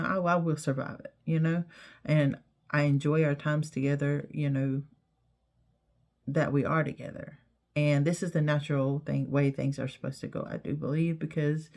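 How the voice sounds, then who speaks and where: A woman's voice: low voice, vocal fry, warm tone. A middle-aged woman talks to her viewers in a casual, heartfelt way, rambling and repeating herself with many "you know"s. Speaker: vlogger. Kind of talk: casual heartfelt talk to camera.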